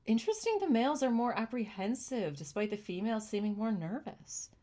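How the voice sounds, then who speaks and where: This young woman has a fairly high, mellow voice with lively intonation and a fairly quick pace. Streaming her reactions to chimp videos, she gushes emotionally, often nearly in tears, then turns thoughtful and explains things plainly.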